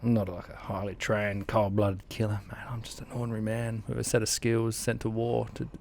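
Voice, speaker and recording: An Australian-accented army veteran in his thirties tells war stories in an interview, his lowish voice fairly quick and touched with vocal fry. He is animated, acting out sounds and quotes and laughing as he goes.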